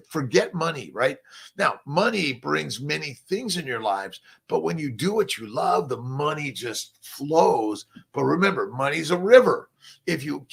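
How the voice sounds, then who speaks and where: Older male host, gravelly and husky, rambling folksy pep talk with swearing. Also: fairly high pitch, a bit bright. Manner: folksy, preachy, swears freely, many fillers. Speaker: fertility doctor hosting a morning motivational talk.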